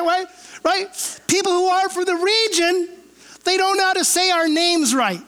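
A woman pastor teaching a Bible chapter retells the passage in a casual, storytelling sermon, often checking in with a rhetorical "right?" Her pitch is extremely high, her tone a bit bright, and she is unhurried.

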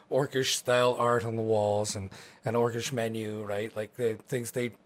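A man narrating a tabletop game as its game master, rambling and relaxed. His voice is mid-pitched, and his talk is casual and full of fillers.

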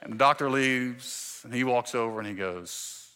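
A male pastor in his forties preaching a sermon, telling a self-mocking story with animated quoted voices. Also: medium pitch, normal speed, hardly any pauses, clean tone. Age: 40s. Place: church stage.

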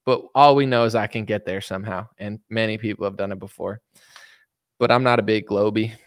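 Fielding viewer questions on a casual stream, this man from the US jokes around, wanders off topic, and reads comments out loud. He has a fairly low, fairly even voice and talks briskly, recorded dry at studio quality.

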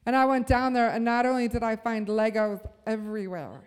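A woman's voice: a little high, steady tone, a little fast, smooth, big-room sound. A woman giving a sermon at a church service, telling a personal story and building to a fervent call to the room. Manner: earnest, storytelling, rising to fervent.

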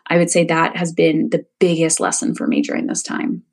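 A woman's voice: low-pitched, sing-song, a little fast, vocal fry. Candid, reflective woman in her forties. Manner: reflective, candid, laughs readily. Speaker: guest, leadership coach. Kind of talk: casual interview conversation.

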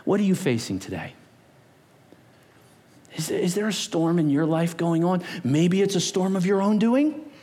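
Animated, lively-voiced preacher man. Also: high voice, measured pace, long pauses. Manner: animated, playful, acts out voices. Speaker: pastor. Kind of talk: sermon.

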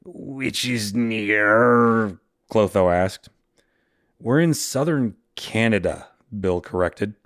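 A man reading a fantasy story aloud, slow and measured, with friends listening. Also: on the low side, a bit bright, no echo, studio quality. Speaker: podcast co-host reading aloud.

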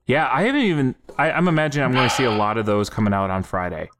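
A man hosting a casual podcast, steering topics and recapping news in a measured way. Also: medium pitch, animated, noisy background. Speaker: podcast host. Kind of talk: casual chat.

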